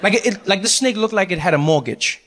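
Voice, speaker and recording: A male comedian telling a story on stage with lively, animated delivery and quick jumps into character voices. His voice sits high, and a long hall reverb trails each line. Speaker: stand-up comedian. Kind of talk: stand-up comedy.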